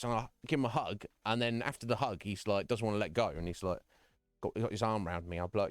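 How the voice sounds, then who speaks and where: A man's voice: lowish voice, quick pace, no echo, clean studio sound, faint music behind. A man live-streaming from home, chatting casually with viewers in a frank, rambling way, often breaking into chuckles. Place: home room.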